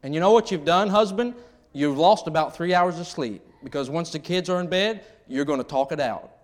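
A middle-aged man delivers a sermon in a relaxed, joking, conversational manner. His voice sits a little higher than most men's, and he talks straight to his listeners as he acts out small scenes from married life. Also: a little fast. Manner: humorous, conversational preaching with acted-out quotes. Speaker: pastor.

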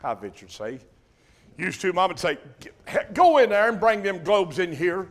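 An older man, preaching a sermon with impassioned bursts of loudness on key words. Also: sits high, big pitch swings, normal speed. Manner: impassioned preaching, swells loud on emphasis. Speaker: pastor.

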